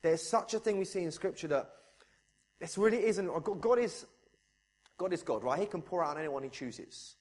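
A man delivers a sermon in a somewhat high voice. He is fervent and swings between hushed, low stretches and loud, raised ones. He often turns to the congregation with direct questions. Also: lively intonation, moderate pace. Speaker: preacher.

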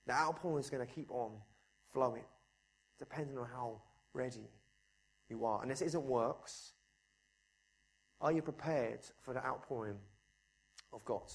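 A man preaching a sermon, fervent, swinging between soft, low passages and loud, high ones, and asking the congregation questions directly. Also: unhurried, pauses often.

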